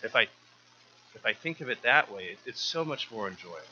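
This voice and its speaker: Male church speaker, earnest and stumbly, very bright sharp tone, slightly dull recording. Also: medium pitch, lively intonation, fairly quick, a little hiss or hum. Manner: earnest, often repeats words while restarting. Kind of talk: informal sermon.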